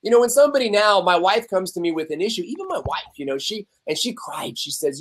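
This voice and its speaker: A man's voice: high-pitched, very animated, fast talker, hardly any pauses, a bit bright, breathy edge. A young adult man, a podcast guest, talking candidly and animatedly in casual conversation and acting out the voices he quotes.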